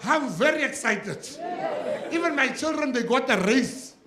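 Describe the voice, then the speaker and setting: A man's voice: very high-pitched, animated, a little slow, a crowd in the background. A South African man, a government minister, giving a humorous speech and telling jokey stories to a laughing audience. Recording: echoey hall with audience laughter.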